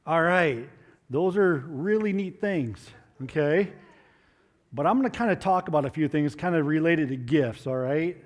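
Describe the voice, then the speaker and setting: Man, children's sermon, fairly high voice, gentle coaxing questions. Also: normal speed, in a large hall. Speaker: children's moment leader.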